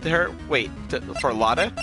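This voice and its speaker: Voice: mid-range voice, animated, normal speed, music in the background. A let's-play streamer reading game text aloud and commenting casually, self-mocking and giggly.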